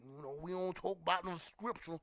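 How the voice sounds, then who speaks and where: A man's voice: high-pitched, a little fast, fairly bright tone, dry recording. A man mimicking a drawling Southern preacher. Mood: mocking. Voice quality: drawling, put-on folksy delivery. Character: exaggerated preacher, male, folksy, mispronouncing on purpose.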